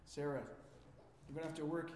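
A male pastor in mid-sermon, quizzing the congregation and acting out the lines he quotes. His voice sits high. The sound carries a long reverb from a large church hall. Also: fairly quick, slight background noise. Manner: animated, asks the congregation questions; acts out quotes with rising voice. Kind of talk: interactive sermon.

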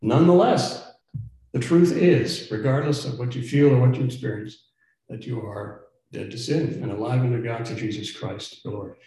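A man's voice: mid-range voice, normal speed, dark tone. A man preaching a sermon as pastor, earnest and emphatic, sometimes stumbling and repeating words as he presses a point. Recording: very echoey church room.

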